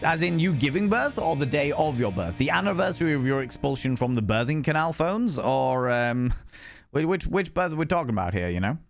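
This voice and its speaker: A man's voice: mid-range voice, lively intonation, fairly quick, vocal fry, faint music behind. A young man with a Northern English Hull accent, chatting casually with his live chat as a streamer, joking and swearing freely. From England. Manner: swears freely, jokey, slips into other accents.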